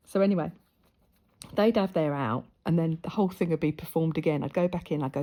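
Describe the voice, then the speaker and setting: A woman's voice: low voice, moderate pace, pauses often, dark tone. A woman casually telling a story while she sews, chatty and laughing often. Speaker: crafter and vlogger. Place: at home in front of a camera.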